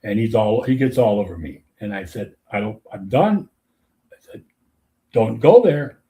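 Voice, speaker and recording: A man's voice: on the low side, moderate pace, warm tone. An older man hosting a casual chat, a former umpire telling stories and laughing at his own punchlines. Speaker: host, former softball umpire.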